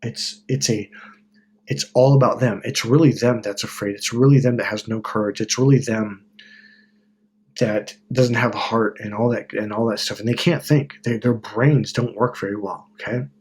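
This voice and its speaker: A man's voice: medium pitch, fairly even intonation, moderate pace, darkish tone, a little hiss or hum. A man from Wisconsin talking to camera in a rambling, profane, self-correcting monologue about self-help. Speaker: self-help video host. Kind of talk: casual monologue.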